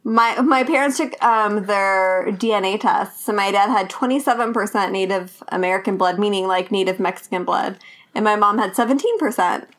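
A woman's voice: medium pitch, normal speed, a bit bright. A woman guest on a podcast, chatting casually, rambling with lots of fillers and frequent laughter. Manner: giggly, rambling with many fillers. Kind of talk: casual chat.

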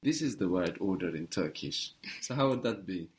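A man's voice: deep voice, animated, moderate pace. A man tutors a student one phrase at a time. His voice is patient and encouraging, and he paces the lesson carefully. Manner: patient, encouraging, step-by-step prompting. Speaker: language teacher. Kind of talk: guided language lesson.

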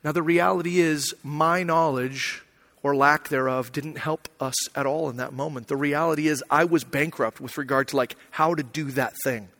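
A young man from Arizona preaching a sermon in a high, bright voice. He tells a story in a loose, conversational way, full of fillers and feeling. The sound carries a long hall reverb. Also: fairly even intonation, moderate pace. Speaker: pastor.

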